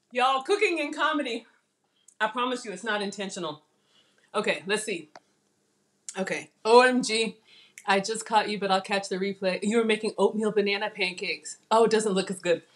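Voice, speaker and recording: A middle-aged woman hosting a live cooking stream in her home kitchen, chatting casually, laughing and reading viewer comments aloud. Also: mid-range voice.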